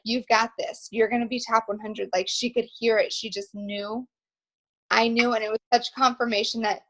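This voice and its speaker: A young woman hosting a motivational team video call, telling stories in an excited, emphatic, rambling way. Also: on the high side, gravelly, low-quality recording.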